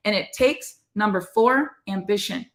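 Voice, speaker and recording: A woman's voice: medium pitch, measured pace, fairly bright tone, echoey room. A middle-aged woman co-hosting a podcast, giving an earnest, conversational motivational faith talk to her listeners. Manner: earnest, conversational, addresses listeners as "you guys". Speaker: podcast co-host.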